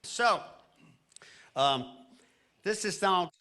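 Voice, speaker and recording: A man's voice: high-pitched, expressive, drawn-out words, bright, forceful tone, slight background noise. A male singer giving loose, joking, rambling stage banter at a live concert.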